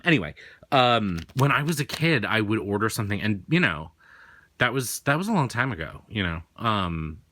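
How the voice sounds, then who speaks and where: Hosting an unboxing, a man who also reads tarot chats and rambles in a casual, self-mocking way, a faint New England accent showing through. The voice sits lowish with a sharp edge, with no room sound at all.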